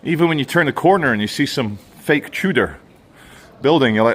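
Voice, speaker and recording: A man with a British English accent doing a walking vlog outdoors on a town high street, ranting sardonically with wry asides. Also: expressive, fairly quick, a bit bright, husky. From England. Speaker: vlogger.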